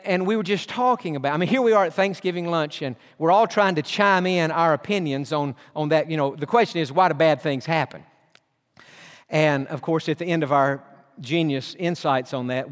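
A man preaches in an earnest, storytelling way, drawing out the words of scripture for weight. His voice sits high for a man. It rings with the long reverb of a church hall. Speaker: pastor. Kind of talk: sermon.

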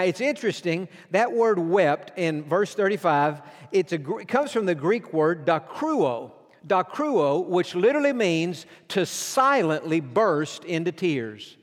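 A pastor preaching a sermon, earnest and emphatic, slowing down for weighty lines. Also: male voice, sits high, sing-song. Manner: earnest, emphatic preaching with slow dramatic pauses. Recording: long hall reverb.

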